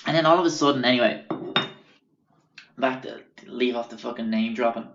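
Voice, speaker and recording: A man's voice: mid-range voice, moderate pace, gravelly, a bit bright, reverberant, dull audio. A young man telling a casual, profane anecdote, rambling and often losing track of names. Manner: rambling, swears constantly, loses track of names. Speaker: storyteller.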